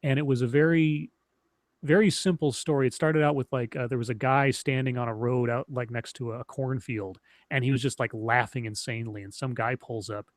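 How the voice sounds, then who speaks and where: Casting note: man, thirties, casual streamer chat, rambling and animated, close dry mic. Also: medium pitch, fairly quick, no room sound. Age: 30s. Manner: rambling, animated storytelling with many restarts. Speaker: streamer co-host.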